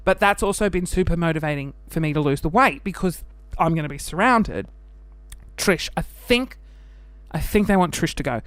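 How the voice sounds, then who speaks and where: A man's voice: on the high side, no room sound. A man with an Australian accent, chatting animatedly and camply, hosting his own show. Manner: chatty and animated, camp, laughing, with quick bursts of mock voices. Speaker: podcast host. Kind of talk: casual chat.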